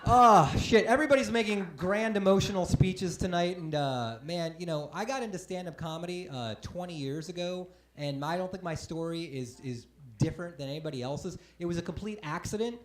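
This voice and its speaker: A stand-up comedian in his forties telling a self-deprecating story on a comedy club stage, breaking into sudden loud outbursts. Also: high voice, fairly quick, few pauses. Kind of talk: live stand-up set. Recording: roomy live club sound. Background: audience laughter.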